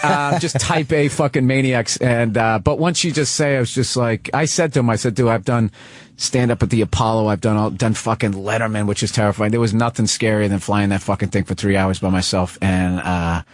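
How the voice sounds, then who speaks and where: A man in his forties, a comedian guest swearing freely and telling animated stories in casual talk-show chat. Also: lowish voice, brisk, no echo. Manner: profane, animated storytelling.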